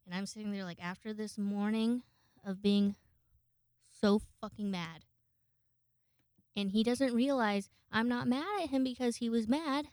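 A woman's voice: on the high side, unhurried, pauses often, a little mellow, dry recording. A woman telling a rambling personal story in casual, profane chat, close to her microphone at home. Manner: chatty, profane, rambling with frequent fillers. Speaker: vlogger. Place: home, indoors.

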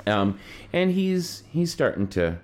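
A man co-hosting a podcast, telling a family story in a casual, rambling way, full of fillers and lively swings in his voice. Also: takes it slowly. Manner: rambling, many fillers, animated pitch swings. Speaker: podcast co-host.

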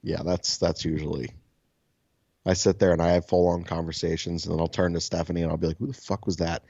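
A deep, gravelly man in his thirties, with a dark, mellow tone, rambles through a profane story as a podcast co-host. The audio is dry and a bit dull and lo-fi. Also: completely flat delivery, quick pace, dry recording. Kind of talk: casual podcast chat.

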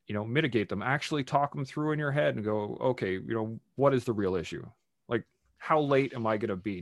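A man in casual conversation, animated and swearing freely as he acts out his own angry outbursts. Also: medium pitch, no echo, clean studio sound.

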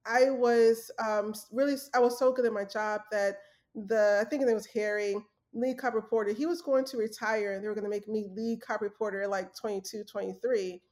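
A woman's voice: mid-range voice, steady tone, fairly quick, darkish tone. An earnest young adult woman telling her story in a casual interview, with fillers and restarts. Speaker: guest, former journalist.

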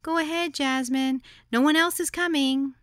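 A woman's voice: steady tone, moderate pace, fairly bright tone, no echo, studio quality. Woman doing a tiny, breathless childlike hostess. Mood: polite. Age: young adult. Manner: high, sweet, breathless.

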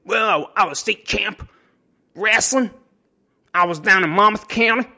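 A man voicing a boastful former state wrestling champion turned coach, with a country accent, pitched higher and louder than his own voice. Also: unhurried, full character voice. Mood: bragging.

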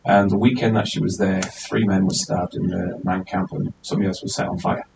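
A man hosting a casual podcast, teasing his guests and jumping up high when excited. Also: fairly quick, gravelly. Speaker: podcast host. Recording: distant mic, faint hiss.

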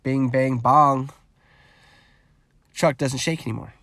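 A man's voice: mid-range voice, takes it slowly, no room sound. Casual vlogger, young man, profane storyteller, dry close recording. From California. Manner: rambling, profane, animated retelling with quoted dialogue.

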